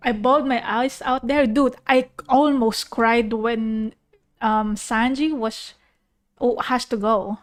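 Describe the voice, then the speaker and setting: High-voiced young woman, effusive rambling chat. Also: steady tone, takes it slowly. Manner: rambling, effusive, emotional, with restarts. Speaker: vtuber streamer. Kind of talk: casual chat reacting to an anime. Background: soft piano music.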